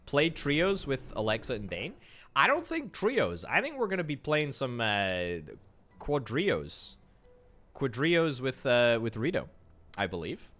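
A Scottish man streams a game and fires quick, joking replies at viewer chat. His voice is medium in pitch but swoops wildly, with a fairly bright tone, and faint music plays in the background.

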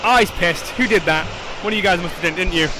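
A young man hosting a gaming channel, giving excitable, joking, profane commentary as he plays online with teammates. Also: high voice, brisk, background noise. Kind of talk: live gameplay commentary. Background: game music.

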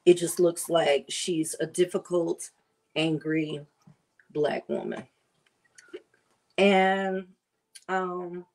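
Woman, cooking vlogger, casual kitchen chat, slow pace, savoring delivery. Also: lowish voice, gravelly. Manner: chatty, drawn-out and savoring.

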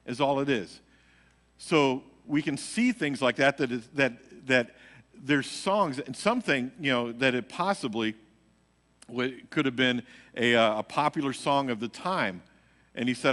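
A man's voice: mid-range voice, lively intonation, a little slow, a bit bright. A man preaching a casual, story-filled Bible study in a church, acting out quotes and laughing at his own stories. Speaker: pastor teaching a midweek Bible study. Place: church sanctuary. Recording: hall reverb, live church recording.

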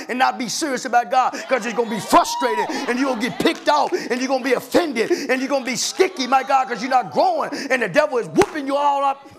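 A pastor preaching a sermon in a colloquial, impassioned way, rising into shouts and sung phrases and returning to a refrain of "my God.". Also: male voice, very high voice.

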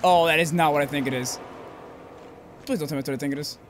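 A man giving let's-play commentary while playing, swearing often and swinging from low grumbling to high yelps. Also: steady tone, fast talker, slight background noise. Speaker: gameplay commentator. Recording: game music loud behind voice.

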